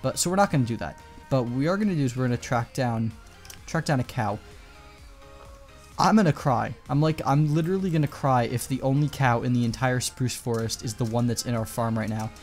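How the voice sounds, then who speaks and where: A man talks through his gameplay in a loose, chatty way, drifting between asides and coaxing animals to follow him. His voice sits at an everyday middle pitch. Soft music plays faintly underneath. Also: fairly quick. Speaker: gameplay commentator. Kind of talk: casual gameplay commentary.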